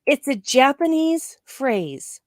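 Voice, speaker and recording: A woman's voice: high voice, very animated, slow, no room sound, studio quality. A woman co-hosting a live discussion show who speaks emphatically and opinionatedly, laughing often. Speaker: podcast co-host.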